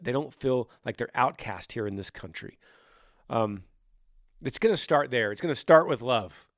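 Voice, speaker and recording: An earnest man in his thirties hosting a casual faith podcast, speaking at a middle pitch. He talks in an animated way, restarting and repeating words, and now and then acts out quoted voices. The sound is dry and close, with no room echo. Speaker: podcast host.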